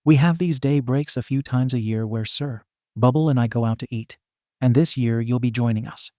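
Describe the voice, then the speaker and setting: An upbeat teenage hero intern, eager and teasing, spoken in a low-key mellow voice by a male narrator. The sound is dry and close. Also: normal speed, no echo, close to an everyday voice. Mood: cheerful. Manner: enthusiastic and teasing.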